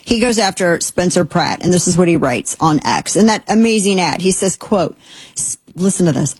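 Blunt, husky-voiced woman radio host. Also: on the low side, lively intonation, normal speed, darkish tone, no room sound. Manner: blunt, sarcastic, rambling with restarts. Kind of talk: opinionated talk radio monologue.

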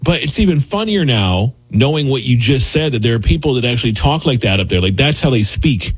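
A man co-hosting a casual talk show, telling a story in a lively way. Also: mid-range voice, fairly quick, breathy edge. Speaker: co-host. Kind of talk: casual talk radio chat.

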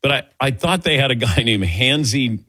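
A middle-aged man from the Midwest hosts sports radio banter, laughing easily and telling stories with a lively, swooping delivery. His voice is husky and dry. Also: mid-range voice, moderate pace, dry recording. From American Midwest. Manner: jokey, laughs easily, animated storytelling. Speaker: radio show host.

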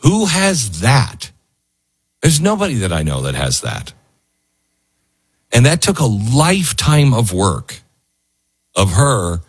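A man's voice: medium pitch, wildly swooping pitch, slow, long pauses, breathy edge, dry recording. A man hosting a talk radio show, musing in an emotional, rambling monologue full of restarts.

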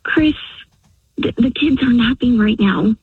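Slow husky woman on a dull phone line. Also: a little high, no echo. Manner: puzzled, giggly. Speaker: caller's girlfriend. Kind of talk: phone call.

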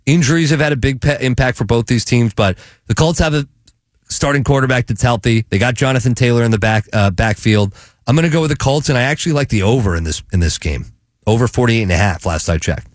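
A man hosting a sports betting show, talking picks in a chatty, enthusiastic way with halting restarts. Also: medium pitch, expressive, no room sound, studio quality. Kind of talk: casual sports betting chat.

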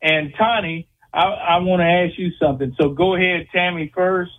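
A man's voice: high voice, moderate pace. Folksy Louisiana man on a phone line. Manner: folksy, rambling questions. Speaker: caller. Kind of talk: call-in radio chat.

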